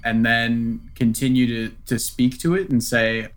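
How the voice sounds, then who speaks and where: A woman's voice: a bass voice, level tone, unhurried. A woman playing in a tabletop game, chatting casually and joking. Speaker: player.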